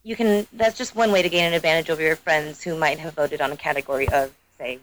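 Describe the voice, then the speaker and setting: A woman guest chatting casually on a podcast, upbeat and quick to laugh. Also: low voice, fairly even intonation, a little hiss or hum, low-quality recording. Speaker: guest game producer.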